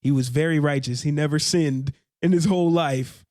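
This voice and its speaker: A man's voice: fairly high pitch, moderate pace, a little mellow, dry recording, clean studio sound. A young man co-hosting a casual faith podcast, earnest and laughing often, sometimes searching for words. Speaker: podcast co-host.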